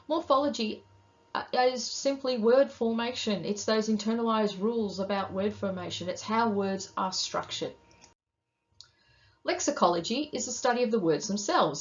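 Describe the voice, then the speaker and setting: A woman teaching a recorded lesson, explaining terms in a clear, measured tone and guiding students with questions. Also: medium pitch, dull audio.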